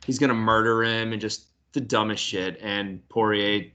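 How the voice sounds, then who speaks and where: A man's voice: lowish voice, steady tone, normal speed, pushed and bright, smooth. A man hosting a podcast in casual chat, talking loosely with plenty of swearing and laughter. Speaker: podcast host.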